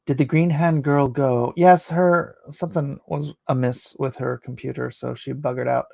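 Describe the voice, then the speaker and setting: A man hosting a casual late-night livestream, rambling and opinionated, his voice going hoarse. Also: medium pitch, fairly even intonation, moderate pace, a little mellow, no echo. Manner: rambling, opinionated, restarts often. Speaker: livestream host reading chat.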